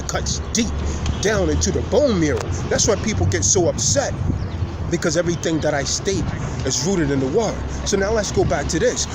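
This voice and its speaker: A man holds forth like a street preacher, his voice sitting a little high for a man. He leans hard on key words and stretches out his pauses. Traffic and city noise run clearly behind him outdoors. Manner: emphatic, preacher-like delivery with drawn-out pauses. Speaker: host. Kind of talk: preaching lecture to camera.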